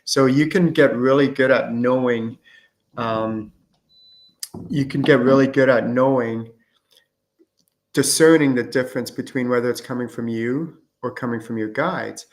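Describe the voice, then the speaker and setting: A man's voice: medium pitch, a little slow. A middle-aged man hosting a live-streamed question-and-answer show, talking casually with lots of fillers as he explains and acts out conversations. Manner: casual and chatty, many fillers, acts out student exchanges. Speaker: host and channeling teacher.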